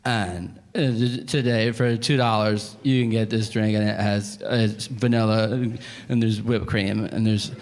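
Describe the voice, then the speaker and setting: A man's voice: lowish voice, flat delivery, a little slow, hardly any pauses, darkish tone. A male stand-up comedian telling profane stories on stage, acting out the back-and-forth of each exchange. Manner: profane storyteller acting out exchanges in quoted voices. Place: comedy stage before a live audience.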